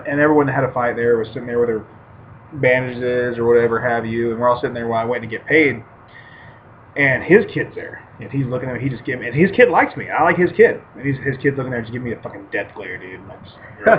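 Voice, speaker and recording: A man's voice: mid-range voice, fast talker, pauses often. Casting: man, podcast co-host, swears through rowdy fight stories, lo-fi recording. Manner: profane animated storytelling. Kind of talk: casual podcast chat. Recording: muffled lo-fi with faint hiss.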